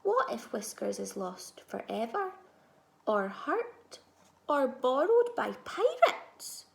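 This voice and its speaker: A woman teacher reading a children's storybook aloud, expressive, moving between soft asides and loud moments. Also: sits high, slow pace, vocal fry, echoey room.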